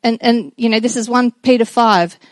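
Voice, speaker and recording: A middle-aged woman giving a personal devotional talk to children and a congregation, earnest and reflective, with halting restarts. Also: on the high side, no echo. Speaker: speaker addressing children and congregation.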